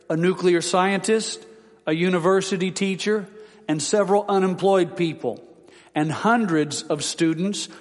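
Solemn male preacher with long reverb. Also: sits high. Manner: solemn, dramatic reading of quotes. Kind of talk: sermon.

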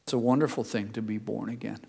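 An older man preaching a sermon as a pastor. He tells folksy personal stories and builds to emphatic high points. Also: little pitch movement, quick pace, creaky, darkish tone, breathy edge, long reverb tail. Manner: storytelling, folksy asides, builds to emphatic peaks.

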